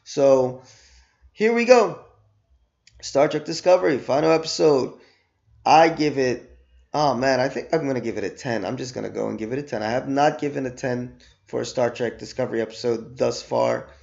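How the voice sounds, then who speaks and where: A man's voice: mid-range voice, brisk, vocal fry, muffled recording. A man giving a casual, emphatic spoken review while losing his voice after being sick. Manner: animated, emphatic, repeats words for stress. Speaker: show reviewer.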